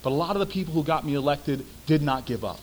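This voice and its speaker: Man, storytelling speech, emphatic, lively, fairly high voice. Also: fast talker, poor audio. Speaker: public speaker and former city councilman.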